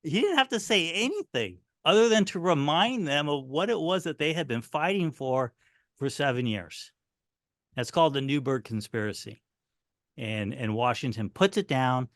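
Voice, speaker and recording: A middle-aged man telling history as an interview guest, animated and earnest as he talks. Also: mid-range voice, no room sound, clean studio sound. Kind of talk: interview answer, storytelling.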